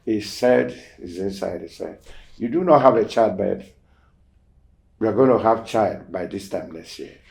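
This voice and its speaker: A man hosting a show, casually telling a testimony story and acting out the quoted dialogue, swinging between loud emphasis and near-whispered asides. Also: lowish voice, measured pace, vocal fry. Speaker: show host.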